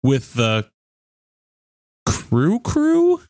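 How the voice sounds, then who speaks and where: A goofy man speaks slowly, with a voice that swoops wildly up and down. He tosses out offbeat, giggly jokes, and the sound is dry. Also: mid-range voice, huge pitch swings, a little mellow, no room sound. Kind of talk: casual comedy podcast chat.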